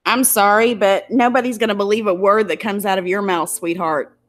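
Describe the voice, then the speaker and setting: A woman's voice: mid-range voice, fairly even intonation, fairly quick, a bit bright. A woman YouTuber giving an angry, emotional commentary, tearful and indignant as she talks. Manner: emotional, indignant, close to tears.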